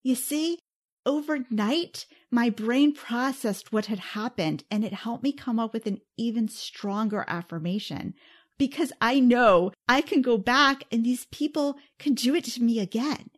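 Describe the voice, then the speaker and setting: A woman's voice: a little high, a little slow. A woman hosting a self-help podcast, talking earnestly and encouragingly straight to her listeners. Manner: warm, earnest and encouraging, addresses listeners directly. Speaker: podcast host.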